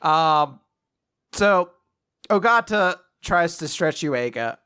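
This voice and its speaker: Lively, bright-voiced man recapping an anime. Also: fairly high pitch, normal speed, a little hiss or hum. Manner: animated, laughing, acts out character lines. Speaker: podcast co-host. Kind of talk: casual anime recap chat.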